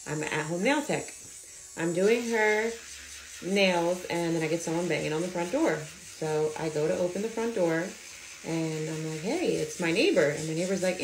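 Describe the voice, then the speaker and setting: A woman's voice: fairly low pitch, a little slow, reverberant, a little hiss or hum, poor audio. A woman who works as an at-home nail tech, telling a story about a client and acting out what each person said. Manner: animated, acts out quoted dialogue.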